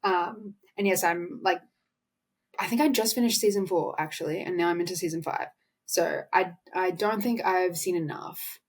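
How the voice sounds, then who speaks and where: Woman, co-host, husky voice, rambling, casual podcast chat. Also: fairly low pitch, moderate pace. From Australia. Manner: rambling, self-correcting, frank. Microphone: video call.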